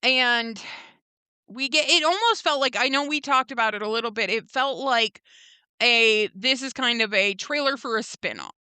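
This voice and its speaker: A woman's voice: a little high, moderate pace, pushed and bright, clear, resonant tone, no echo. A young woman co-hosting a podcast, recapping a TV episode in casual chat and acting out the characters' lines with lots of "like" and "um.". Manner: retells scenes by voicing the characters, lots of "like" and "um". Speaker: podcast co-host.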